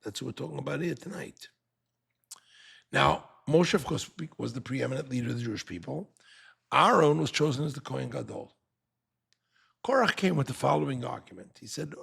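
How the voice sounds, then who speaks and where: Animated gravelly older male rabbi. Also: mid-range voice, fairly quick, pauses often. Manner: animated, rhetorical questions, acts out quotes. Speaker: rabbi teaching a class. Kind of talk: Torah class with questions from the audience.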